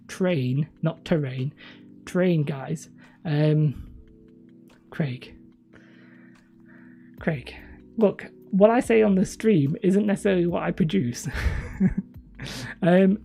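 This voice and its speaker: A woman with a northern English accent hosts a live stream, chatting casually and rambling in a self-deprecating way with her viewers. Her voice is on the low side, gravelly and mellow, with a breathy edge.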